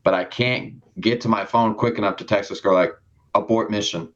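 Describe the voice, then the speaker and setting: A man's voice: lowish voice, fairly even intonation, moderate pace. A young man on a podcast telling a rambling story in casual chat, swearing often and acting out the people in it. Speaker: podcast co-host. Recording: dull lo-fi sound.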